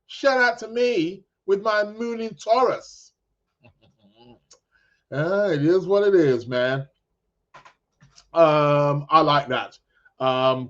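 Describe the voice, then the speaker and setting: Slow, rambling male podcast host. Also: fairly high pitch, lo-fi sound. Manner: slow, rambling, many ums and restarts; chuckling, addresses listeners as "people". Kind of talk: casual live astrology chat.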